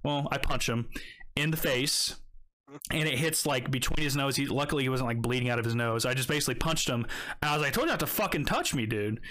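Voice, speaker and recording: A man's voice: medium pitch, steady tone, fairly quick, pushed and bright. A young man casually telling a story, swearing often and rambling with many fillers. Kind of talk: casual chat.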